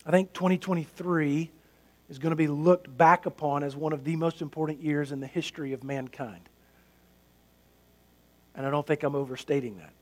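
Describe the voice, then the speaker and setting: A man's voice: a little high, fairly even intonation, normal speed, long pauses. A male pastor preaching a sermon in an earnest, emphatic way, building points through repetition.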